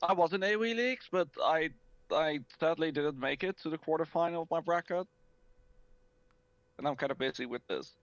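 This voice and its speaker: A man's voice: on the high side, a little fast, no room sound. A man casting an esports match in a chatty, casual way, reading out viewer chat, heard over an online voice call. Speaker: esports caster. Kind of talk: casual game commentary. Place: home setup on an online voice call. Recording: dull, dry voice-chat audio.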